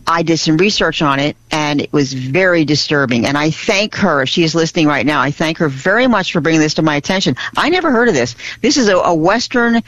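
A woman's voice: sits low, expressive, brisk, few pauses, a bit bright, no room sound. A woman co-hosting a religious radio show, chatting animatedly and laughing often. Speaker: radio co-host. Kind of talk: casual radio chat. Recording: dull lo-fi radio audio.

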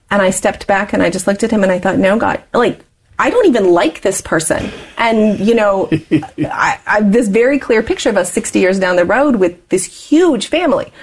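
A woman's voice: mid-range voice, breathy edge. A woman in her forties, an interview guest telling her life story candidly and laughing often as she talks.

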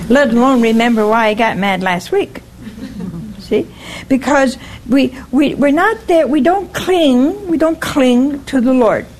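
In a rough recording with a little hiss or hum, an older woman delivers a folksy, informal sermon. Her voice is high, animated, and a little mellow, moving at a slow pace. She keeps asking "see?" and questioning her congregation.

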